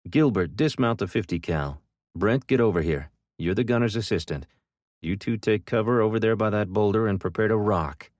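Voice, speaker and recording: A man voicing a gruff army team leader barking brisk orders. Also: fairly low pitch, darkish tone, dry recording, studio quality, pitched above the performer's own voice, close to an everyday voice. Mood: commanding.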